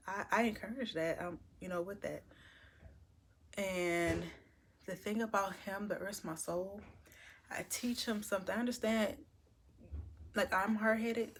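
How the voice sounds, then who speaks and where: A woman truck driver talking casually to her camera, telling a long, candid, rambling story with drawn-out phrases. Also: fairly low pitch, a little hiss or hum.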